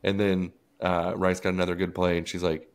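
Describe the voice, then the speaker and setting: A man's voice: deep voice, flat delivery, a little fast, clean tone. A man on a podcast, telling a story in casual chat and acting out what others said. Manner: storytelling, acting out quotes with laughs. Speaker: podcast co-host.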